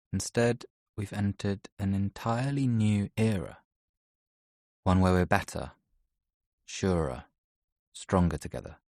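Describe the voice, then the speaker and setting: Male audiobook narrator, low voice, soft reflective first-person reading, dry close studio sound. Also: dry recording. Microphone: close studio mic.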